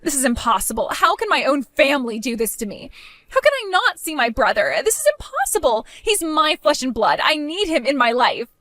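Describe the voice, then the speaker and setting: A spiteful young woman who mocks and whines, as a woman acts her out, her voice high and swinging wildly up and down. She sounds petty and childish. Recorded close and dry. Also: big pitch swings, fairly quick, a bit bright, no room sound. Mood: pleading. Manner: mocking, whiny, pleading. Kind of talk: amateur voice drama.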